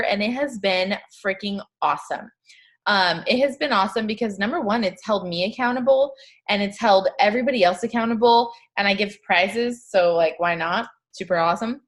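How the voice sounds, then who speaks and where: A woman with a mid-pitched voice hosts a casual group call. She talks in a chatty, upbeat way, full of filler words, as she introduces the next guest. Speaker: call host.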